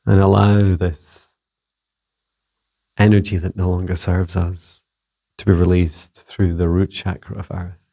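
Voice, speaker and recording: A man channeling a serene earth spirit, speaking slowly and solemnly as in an invocation. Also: low voice, flat delivery, gravelly, mellow, heavily acted.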